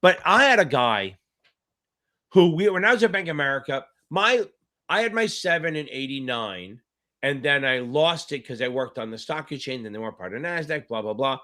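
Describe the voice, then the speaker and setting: A man's voice: mid-range voice, big pitch swings, moderate pace, bright, forceful tone. A middle-aged man tutoring on a casual live-stream Q&A, talking in a rambling, chatty way and swearing now and then. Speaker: exam tutor.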